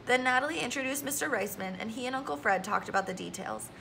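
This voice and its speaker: A woman reading a children's novel aloud, gentle and expressive, lightly voicing the characters. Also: fairly high pitch, fast, creaky, slight background noise. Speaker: audiobook reader. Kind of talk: storybook read-aloud with character voices.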